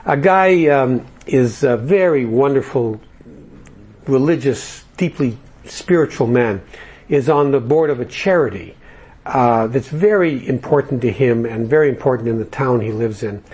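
A man's voice: mid-range voice, expressive, a little slow, darkish tone, slightly rough. A man speaking to a recovery group, telling jokes and stories in a loose, conversational way with fillers. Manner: conversational storyteller, jokey, with fillers.

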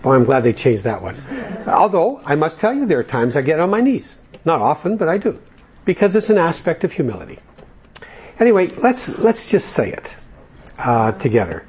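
His voice runs on the high side, sing-song and a bit dark in tone, moving at a moderate clip. Addressing a recovery group, he trades jokes and stories in a relaxed, filler-heavy way.

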